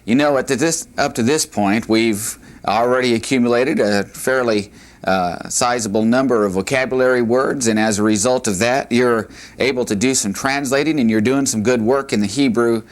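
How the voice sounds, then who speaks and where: A man's voice: mid-range voice, moderate pace. A man teaching a recorded language lesson, patiently saying each vocabulary word twice, with frequent fillers. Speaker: Hebrew teacher.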